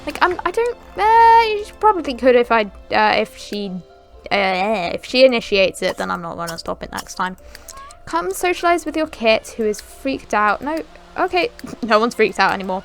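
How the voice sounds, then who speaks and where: A woman's voice: on the high side, big pitch swings, moderate pace, faint music behind. A young woman giving casual let's-play commentary, chatting and giggling as she talks to her game characters. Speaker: gaming channel host.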